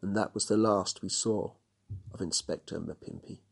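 Husky man reading a story aloud. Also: deep voice, normal speed. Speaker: narrator. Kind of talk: storybook narration.

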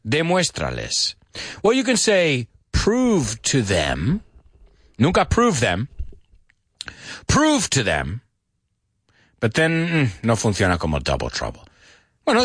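A man hosting a live-streamed English lesson in a playful, animated way, switching between English and Spanish. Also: mid-range voice, dry recording, studio quality. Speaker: host.

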